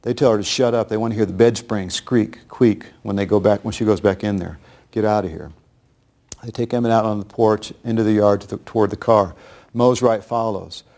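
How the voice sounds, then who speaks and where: A man tells a grim true story to his listeners, grave and deliberate. His voice sits fairly low, with a gravelly fry running through it. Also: steady tone, a little mellow. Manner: grave, measured storytelling with acted quotes. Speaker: speaker recounting history. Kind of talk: storytelling lecture.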